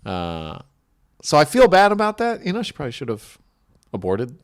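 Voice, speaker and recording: A man co-hosting a comedy podcast, trading dry, offhand jokes in casual chat with halting restarts. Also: fairly high pitch, wildly swooping pitch. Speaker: podcast co-host.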